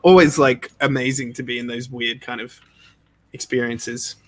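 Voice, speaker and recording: A man, a game creator being interviewed, telling stories in a casual, animated way, laughing often and saying "like" a lot. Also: mid-range voice, normal speed. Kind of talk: casual storytelling.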